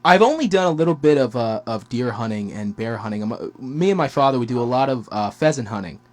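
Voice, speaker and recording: A man's voice: mid-range voice, expressive, quick pace. A young man hosting a podcast interview, speaking in an eager, admiring way with many fillers. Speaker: podcast host. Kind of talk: casual interview.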